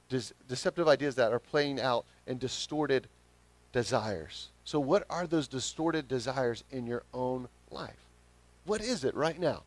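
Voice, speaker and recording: A man with a Southern accent preaching a sermon as pastor, swinging from quiet reflection to emphatic, rising calls. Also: mid-range voice, dry recording. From Southern United States.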